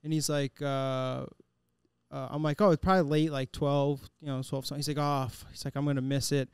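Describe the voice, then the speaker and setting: A man's voice: medium pitch, level tone, fairly quick, smooth, no echo, clean studio sound. A man on a podcast telling a funny story in a loose, laughing way. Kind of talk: casual storytelling chat.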